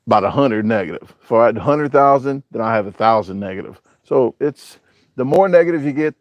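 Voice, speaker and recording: The recording is dry and muffled, carrying a man's mid-range voice. He hosts a casual live chat from home with his backyard on camera, reading out viewer comments and joking as he rambles in a southern-US way of talking.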